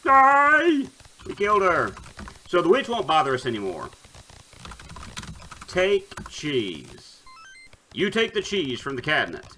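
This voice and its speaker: A man's voice: medium pitch, bright, forceful tone, breathy edge. A man streaming a retro game, casually commenting, joking, and reading the game's text aloud. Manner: playful, joking asides, typing commands aloud.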